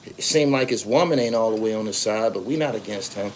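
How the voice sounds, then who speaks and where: A man's voice: lowish voice, fairly quick, darkish tone, slight background noise. Profane East Coast man telling stories. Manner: loose, profane storytelling with acted-out voices. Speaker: podcast host. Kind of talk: casual livestream chat reading comments.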